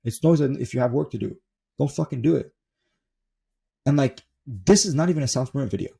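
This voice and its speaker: Gravelly, husky young man, profane and blunt. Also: medium pitch, fast, warm tone. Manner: profane, emphatic, repeats for stress. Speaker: self-improvement coach. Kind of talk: blunt motivational monologue. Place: desk in his room at home.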